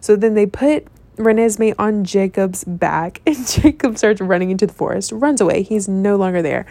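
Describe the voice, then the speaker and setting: A woman casually retelling a film scene, rambling and animated, with lots of swearing and filler words. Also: mid-range voice, normal speed, vocal fry, no echo. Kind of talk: casual storytelling.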